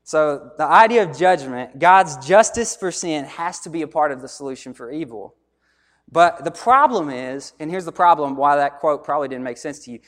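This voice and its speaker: A man's voice: on the high side, animated, moderate pace, fairly bright tone. Man preaching in a reverberant hall. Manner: conversational preaching with repeated phrases and asides to the audience. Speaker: pastor. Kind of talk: sermon.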